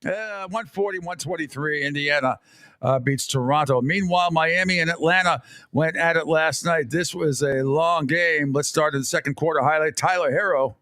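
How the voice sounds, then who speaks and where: A middle-aged man hosting sports talk radio, telling stories in a rambling, animated way and laughing often. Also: on the high side, moderate pace, heavy background noise.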